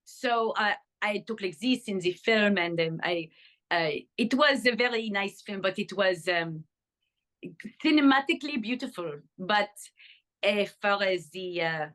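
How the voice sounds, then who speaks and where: Bright, enthusiastic older actress. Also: female voice, mid-range voice, takes it slowly, pauses often. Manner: enthusiastic, animated, lots of fillers. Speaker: actress and interview guest. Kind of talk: casual interview chat.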